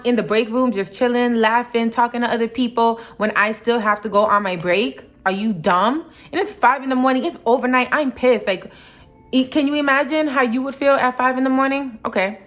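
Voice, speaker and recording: A woman's voice: on the high side, normal speed, fairly bright tone. A young woman vlogger retelling a workplace clash in a heated, casual storytime, full of asides and mock quotes.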